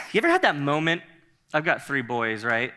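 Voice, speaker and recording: A man preaching a sermon in a conversational, animated way, often laughing and repeating himself. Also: fairly high pitch, moderate pace. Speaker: pastor.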